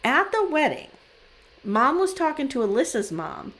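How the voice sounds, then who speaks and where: A woman's voice: high voice, normal speed. A woman in her forties who co-hosts a podcast, animatedly retelling scenes in casual chat and acting out the quotes. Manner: animated storyteller, acts out quotes. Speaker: podcast co-host.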